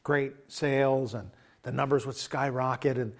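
A man's voice: mid-range voice, steady tone, normal speed. A man preaching a sermon, retelling a story in a loose conversational way and acting out the quoted dialogue. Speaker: pastor.

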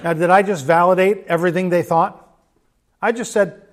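Middle-aged guy giving a sermon, kinda high voice, calm and earnest, does little quoted bits. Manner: measured, earnest, with quoted asides. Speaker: pastor.

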